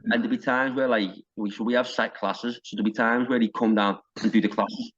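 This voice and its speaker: A man's voice: mid-range voice, steady tone, brisk, fairly bright tone, muffled recording. A man, a wrestling coach telling stories in casual podcast chat, rambling with restarts and quoted dialogue. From North West England. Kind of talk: casual storytelling.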